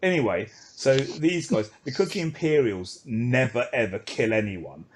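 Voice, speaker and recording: This podcast co-host speaks in a mid-range voice, a little slowly, with some hiss or hum in the background. Chatting casually, he runs through an episode and animatedly performs each character's lines along the way.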